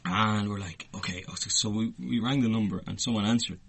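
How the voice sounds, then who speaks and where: An Irish man, co-host of a podcast, telling a story in casual chat, animated and swearing freely. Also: on the low side, moderate pace, creaky, slightly rough. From Ireland.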